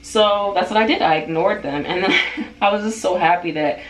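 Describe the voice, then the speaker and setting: A woman in her twenties telling a story in a casual vlog, animated and full of fillers. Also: lowish voice, moderate pace, slight background noise. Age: 20s. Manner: animated, chatty, filler-heavy. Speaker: vlogger. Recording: roomy sound, far from the mic.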